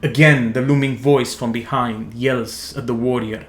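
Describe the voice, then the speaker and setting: A man, narrating a tabletop game as game master in a slow, dramatic second-person style. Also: mid-range voice, fairly even intonation, reverberant.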